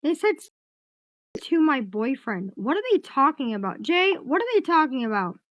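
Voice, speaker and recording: A woman's voice: sits high, sing-song, normal speed, dry recording, highs cut off. A woman on a home livestream, ranting angrily and swearing heavily, breaking off to reassure someone beside her. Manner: angry ranting with heavy swearing; reassuring asides to someone off-mic. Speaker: livestream host. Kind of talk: casual livestream chat.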